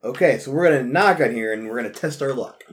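A man's voice: mid-range voice, expressive, fast talker. A man playing a gamebook with friends, cracking jokes in casual chat. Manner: joking, playful. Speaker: player.

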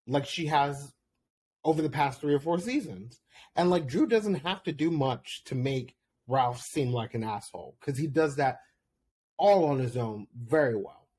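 A man in the middle pitch range talks through a solo recap podcast in a loose, chatty way. He laughs often and his voice leaps up whenever he gets excited. The tone stays relaxed and conversational throughout. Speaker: podcast host recapping reality TV. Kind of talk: casual recap commentary.

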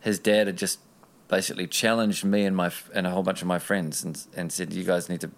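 Gravelly low-voiced New man. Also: steady tone, brisk. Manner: earnest, rambling, with many restarts. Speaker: interview guest. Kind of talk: casual personal storytelling.

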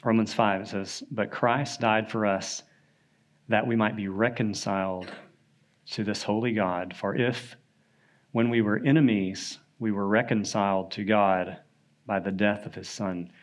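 A man's voice: lowish voice, measured pace. A man teaching a Sunday school Bible lesson in a church classroom, casual and conversational, often checking in with "right?". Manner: conversational, often asks "right?", animated when telling a story.

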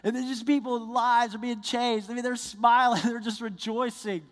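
A male pastor preaching a sermon, telling stories with excited earnestness that builds into fervent prayer. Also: very high voice, normal speed, big-room sound.

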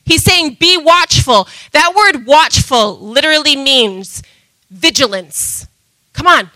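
A woman preaching a sermon with passion, going from loud emphatic calls to soft asides. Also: high voice, lively intonation, a little slow, dry recording, rough recording.

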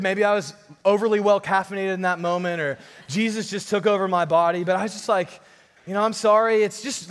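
A young man preaching a sermon, telling a story with lively, playful sarcasm. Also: sits high, long reverb tail. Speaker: pastor.

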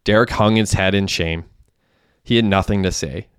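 A man reading a crime story aloud in a plain, steady way. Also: low voice, moderate pace, smooth, no echo, clean studio sound. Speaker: narrator. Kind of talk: audiobook narration.

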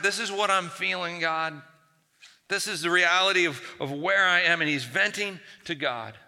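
A man's voice: moderate pace, creaky, pushed and bright. A man pastor preaching a sermon to a congregation, acting out the whiny complaints of biblical figures in a raised voice. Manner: acts out whiny biblical quotes in a raised pitch. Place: church hall. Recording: long hall reverb.

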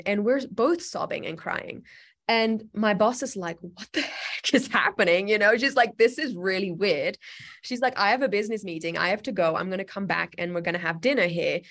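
A woman telling a personal story as an interview guest, earnest and chatty, with many "like" and "you know" fillers. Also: mid-range voice.

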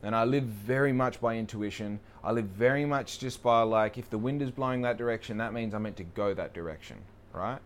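A man's voice: lowish voice, fairly quick, hardly any pauses. A young man talking casually in a rambling, profane, self-deprecating way. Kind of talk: casual monologue.

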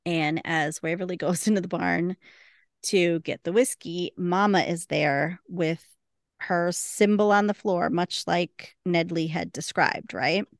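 A woman's voice: fairly low pitch, unhurried, no echo, studio quality. A woman co-hosting a podcast, casually retelling a TV episode scene by scene, quoting characters and laughing often. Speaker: podcast co-host. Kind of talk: casual recap chat.

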